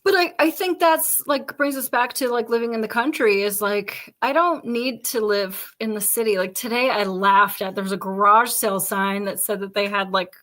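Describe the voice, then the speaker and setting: A woman's voice: medium pitch, moderate pace, hardly any pauses. A woman, hosting a casual chat and talking bluntly with lots of swearing. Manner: blunt and profane, animated asides. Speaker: podcast host.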